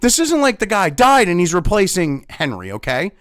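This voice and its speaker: A man's voice: high-pitched, huge pitch swings, normal speed, fairly bright tone, dry recording, clean studio sound. A man ranting angrily in a profane commentary video, talking as host.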